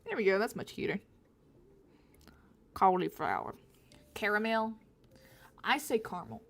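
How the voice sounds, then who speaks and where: Drawing on her livestream, this young woman talks in a slightly high, expressive, somewhat bright voice at a fairly quick pace. She has a faint Southern US accent and chats casually, rambling, giggly, and self-correcting.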